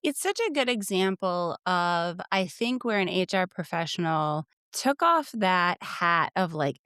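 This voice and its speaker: A woman's voice: fairly low pitch, animated, a little slow, hardly any pauses, a bit bright, smooth, no echo, clean studio sound. A woman hosting a podcast interview, friendly and thinking aloud as she asks her questions. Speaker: podcast host.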